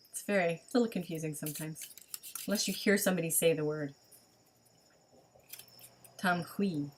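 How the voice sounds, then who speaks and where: A woman leading an online spiritual gathering over a webcam, talking casually and thinking aloud with many pauses and ums. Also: lowish voice. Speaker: online service leader. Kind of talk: online livestream teaching.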